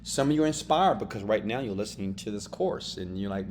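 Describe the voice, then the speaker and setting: A man's voice: on the low side, expressive, fairly quick, hardly any pauses, a little mellow, a little hiss or hum. A man giving a motivational self-help lesson, emphatic and full of "right?" and "okay?" tags. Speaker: motivational course teacher. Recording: music playing under the voice.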